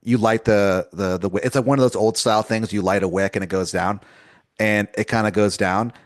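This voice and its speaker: A man narrates an improvised tale, rambling through fillers and restarts as he chuckles at his own ideas. His voice sits a little low. The sound is dry and close, with no room around it. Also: fairly even intonation, fairly quick, no room sound. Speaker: host narrating an improvised story. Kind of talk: improvised second-person storytelling.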